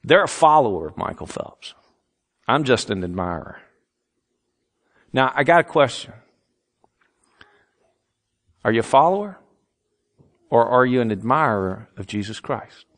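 A man's voice: mid-range voice, very animated, moderate pace, long pauses, a bit bright. A man preaching a sermon as pastor, earnest and emphatic, with self-mocking humorous asides.

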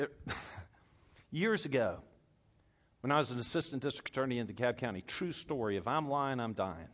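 Southern US male pastor, sermon delivery, voice a touch high, animated storyteller who swings from loud to hushed. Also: normal speed. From Southern United States.

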